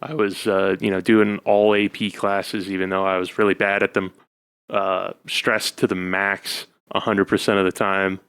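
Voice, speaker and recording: A man's voice: low-pitched, little pitch movement, normal speed, vocal fry, a bit bright, clean tone. A man co-hosting a casual podcast chat, rambling and self-deprecating with lots of fillers. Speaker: podcast co-host, husband.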